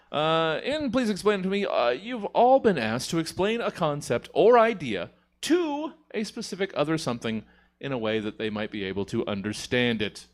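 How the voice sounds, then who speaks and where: A man hosting a live comedy panel show, playful and laughing, swearing casually as he introduces segments. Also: a little high.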